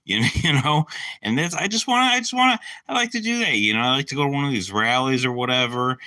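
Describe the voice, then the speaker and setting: A man's voice: medium pitch, expressive, quick pace, pushed and bright, no room sound. A man rambling through a casual live-stream monologue, swearing often and leaning on fillers like "you know" and "uh". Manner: profane, filler-heavy, meandering. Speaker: channel host.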